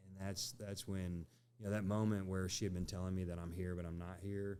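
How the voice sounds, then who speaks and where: A man's voice: deep voice, flat delivery, fairly quick, dark tone, a little hiss or hum. A middle-aged man on a podcast, telling a candid personal story in a conversational way, often tagging lines with "right?" and "you know". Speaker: podcast guest.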